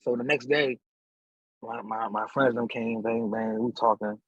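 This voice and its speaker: Husky-voiced man telling stories. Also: measured pace, dry recording, muffled recording. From Philadelphia. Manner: animated, acts out quotes with big pitch jumps. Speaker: podcast guest. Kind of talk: casual storytelling.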